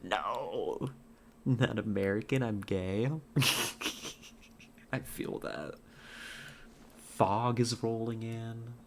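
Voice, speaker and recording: Slow, low-voiced woman streamer chatting. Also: background noise. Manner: rambling and chatty, full of fillers and restarts, answering chat. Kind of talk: casual chat while livestreaming a hunting game.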